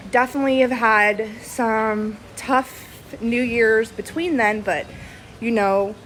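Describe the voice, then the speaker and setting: A woman in her thirties, talking earnestly and haltingly with many pauses and fillers, close to tears. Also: medium pitch, a little hiss or hum, rough recording. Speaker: vlogger. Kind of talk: casual reflective video to friends.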